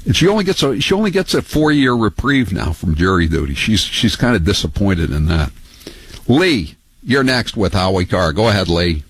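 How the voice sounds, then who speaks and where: An older man hosting a talk radio show, talking in a halting way with many fillers and mocking asides. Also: deep voice, sing-song, husky, no room sound, rough recording. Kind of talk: talk radio monologue and calls.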